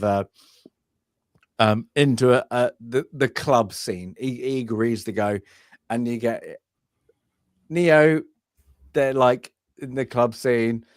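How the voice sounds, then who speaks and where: A man's voice: on the low side, steady tone, slow pace, dry recording, studio quality. A man chatting casually about a film on a live stream, rambling with lots of fillers and laughing asides. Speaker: film review podcast host. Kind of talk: casual chat. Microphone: remote live-stream call.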